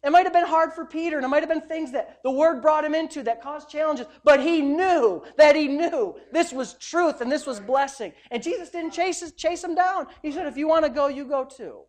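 A man, a pastor, preaching a sermon in an emphatic, conversational way, swinging between loud and soft. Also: very high voice, moderate pace, hardly any pauses.

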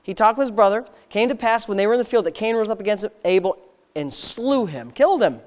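Folksy, impassioned preacher: talky asides, rhetorical questions, loud emphatic climaxes. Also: medium pitch, expressive, brisk. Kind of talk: sermon.

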